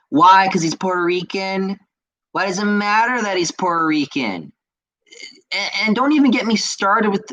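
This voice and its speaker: A man's voice: fairly high pitch, pushed and bright, low-quality recording. A man hosting a casual podcast, ranting heatedly with lots of swearing and stammered repeats as he reacts to viewer comments. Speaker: podcast host.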